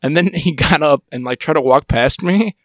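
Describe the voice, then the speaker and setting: A man co-hosting a podcast in casual chat, talking quickly with restarts and laughing mid-sentence. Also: a little high, dry recording, clean studio sound. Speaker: podcast co-host.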